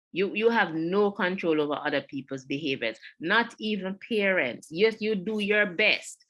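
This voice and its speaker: The presenter, a woman with a Jamaican accent, gives an earnest mental health talk over online webinar audio, restating her core points. Her voice is lowish and a bit bright.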